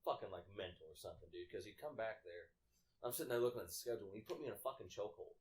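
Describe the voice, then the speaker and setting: A man's voice: fairly low pitch, animated, rapid-fire, a little mellow, a little hiss or hum. A young man in his twenties, co-hosting a podcast, telling stories casually and swearing freely. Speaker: podcast co-host. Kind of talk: casual storytelling chat.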